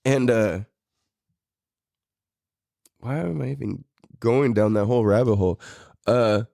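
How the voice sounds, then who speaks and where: Gravelly yet mellow, the medium-pitched voice of a middle-aged man from Mira Mesa, San Diego, moves at a measured pace in clean studio sound with no echo. As a podcast host, he spins a story casually and profanely, laughing often along the way.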